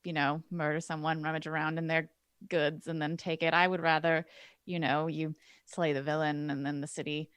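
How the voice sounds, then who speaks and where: A woman's voice: low voice, flat delivery, moderate pace, clean tone. A woman playing in a tabletop game, talking hesitantly with many fillers. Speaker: player. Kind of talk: casual tabletop play.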